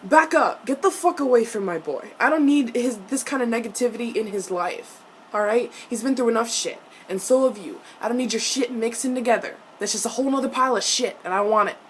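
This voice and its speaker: A young woman reacting to a TV episode in a casual vlog, animated and profane, with frequent laughs. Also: on the high side, quick pace, a little hiss or hum. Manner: laughs often between lines.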